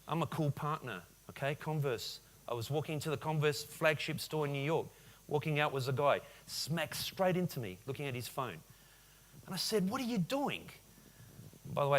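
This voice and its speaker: A man in his forties giving a lively business keynote at a conference, often firing questions at the audience. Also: mid-range voice. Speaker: conference speaker. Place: conference hall.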